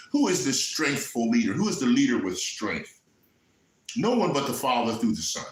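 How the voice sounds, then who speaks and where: A man preaching with fervor and a bright, forceful edge to his voice. He builds to shouted lines and then drops into quiet, emotional asides. The sound is roomy and echoey. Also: mid-range voice. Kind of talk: sermon.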